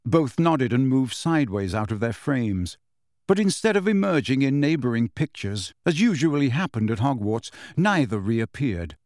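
A man narrating an audiobook in expressive storytelling fashion. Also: mid-range voice, moderate pace, no room sound, studio quality. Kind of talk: scripted narration.

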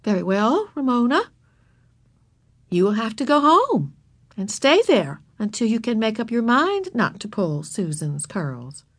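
A woman voicing a firm but kind female kindergarten teacher, speaking slowly and sternly. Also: a little high, sing-song, exaggerated voice. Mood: firm measured. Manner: slow, measured and stern.

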